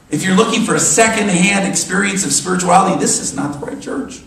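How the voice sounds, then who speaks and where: A man delivering a sermon as a minister, animated and emphatic, often repeating his phrases. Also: high-pitched, fast, gravelly, few pauses. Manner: animated, emphatic preaching with repetitions. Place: church sanctuary. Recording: echoey church hall from far off.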